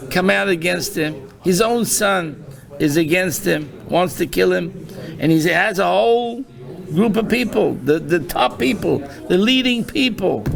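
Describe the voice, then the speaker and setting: Brief: male rabbi, gravelly high voice, lively storytelling in a Torah class, live audience in the hall. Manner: quotes Hebrew verses and translates them into English, animated storytelling. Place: synagogue study hall.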